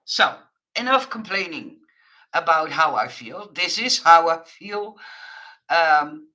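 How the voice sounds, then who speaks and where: A woman's voice: low-pitched, expressive, slow pace, pushed and bright, poor audio. A woman craft vlogger chatting frankly to her viewers in English, laughing often. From Netherlands. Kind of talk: casual chat to viewers.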